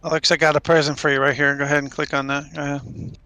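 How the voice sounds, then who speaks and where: Bright, gravelly joking man. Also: on the high side, flat delivery, fast talker, poor audio. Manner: joking, teasing. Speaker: guild member on voice chat.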